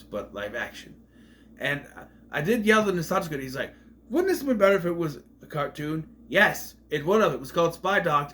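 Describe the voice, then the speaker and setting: A man's voice: on the high side, sharp tone, slight background noise. A man casually reviewing a movie on video, rambling off on tangents.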